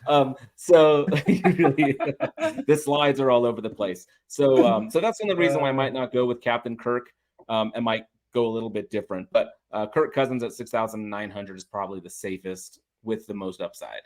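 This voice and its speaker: A man giving fantasy football picks in a casual chat, relaxed and hesitant with frequent fillers. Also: fairly low pitch, fairly quick. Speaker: fantasy sports analyst. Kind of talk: casual sports betting chat.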